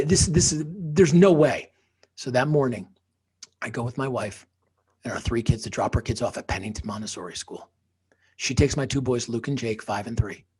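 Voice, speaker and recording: A man's voice: medium pitch, slightly rough. A man who is a podcast guest and author, telling a personal story emphatically, sometimes dropping into a whisper for effect.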